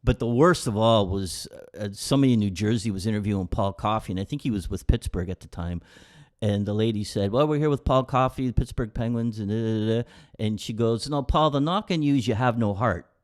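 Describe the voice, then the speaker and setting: A man's voice: lowish voice, fairly quick. Man animatedly retelling interview stories. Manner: animated, acts out quotes. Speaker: podcast co-host. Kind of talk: casual storytelling.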